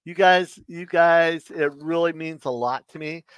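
A man's voice: on the high side, a little slow, a bit bright, smooth, no echo. A man hosting a casual live stream, reading dad jokes aloud and chuckling at his own punchlines, with loose rambling asides.

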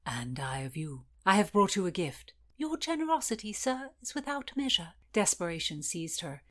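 A woman host reading historical fiction aloud in an expressive storytelling manner. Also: fairly low pitch. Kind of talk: scripted narration of historical fiction.

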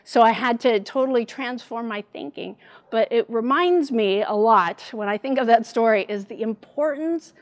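A middle-aged woman giving a devotional church talk, telling a personal story in an animated way. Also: fairly high pitch, normal speed. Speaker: church speaker.

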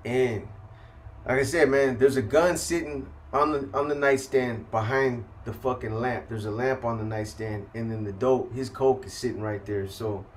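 A man with an ordinary mid-range voice tells a rough story in streetwise slang, swearing freely. He acts out the voices of the people in it as he goes. His delivery is loose, casual and animated. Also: medium pitch, normal speed. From California. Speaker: storyteller recounting prison life.

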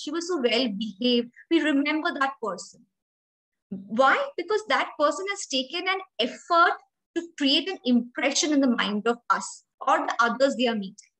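A woman's voice: high voice, a bit bright, poor audio. A young adult woman with an Indian English accent, giving an emphatic, explanatory grooming training lecture and speaking straight to her listeners.

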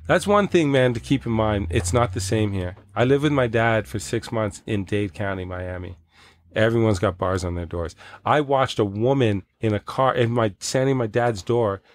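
A man from Canada, a podcast guest, telling stories in casual chat, swearing and animated. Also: lowish voice, normal speed. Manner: profane, animated storyteller.

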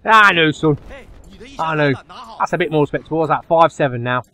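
A man giving live commentary over his own online shooter match, dropping to low muttering and then yelping loudly when the action heats up. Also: brisk. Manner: excitable, swings from low muttering to loud yelps. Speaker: gaming YouTuber.

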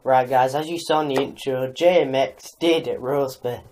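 A man's voice: medium pitch, fairly even intonation, normal speed, a little mellow, low-quality recording. Mock-indignant young man. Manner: mock-indignant, swearing, jokey. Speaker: YouTuber reacting to a video. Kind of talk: casual reaction commentary.

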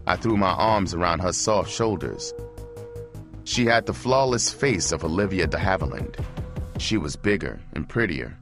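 Low-voiced man narrating a memoir, slow and deliberate, light music bed. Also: a bit bright. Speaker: audiobook reader. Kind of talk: first-person narration of a memoir.

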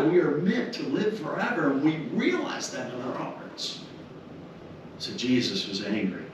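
Slow-preaching man, echoing chapel from afar. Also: far from the mic, slight background noise. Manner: deliberate preaching, emphatic repetition, drops to soft low tones. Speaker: minister. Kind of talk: funeral sermon. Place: funeral home chapel. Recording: very echoey chapel, heard from afar.

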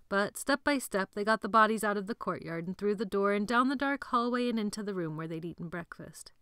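A woman narrating an audiobook chapter in steady, measured storytelling. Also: medium pitch, smooth, no echo, clean studio sound.

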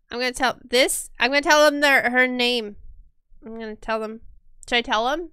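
A woman's voice: a little high, fairly even intonation, normal speed, bright, forceful tone, clean tone, no echo, clean studio sound. A woman streamer and illustrator chatting casually while she draws on a livestream, rambling and laughing often.

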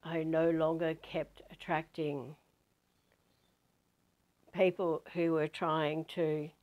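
An Australian woman over fifty from Western Australia, telling a personal spiritual story in an animated way. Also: deep voice, slow, muffled recording. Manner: animated, acts out quoted voices. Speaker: spiritual teacher.

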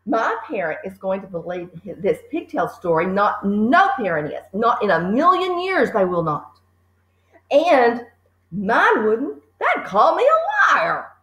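A woman teacher reading a children's book aloud, adding lively asides to her listeners. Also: a little high, a little slow, echoey room, poor audio.

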